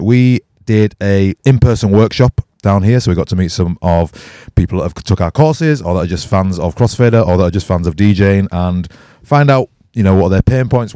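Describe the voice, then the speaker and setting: A man from hosting a casual podcast, chatty and laughing often, his voice a little croaky. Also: lowish voice, warm tone, no echo, clean studio sound. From England. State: slightly croaky after a night out. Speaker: podcast host. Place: music studio.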